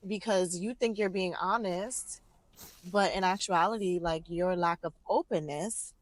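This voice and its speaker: A woman's voice: fairly low pitch, measured pace. A young woman hosting a podcast, asking questions and affirming her guest in a casual, playful way. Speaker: podcast host. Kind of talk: casual conversation.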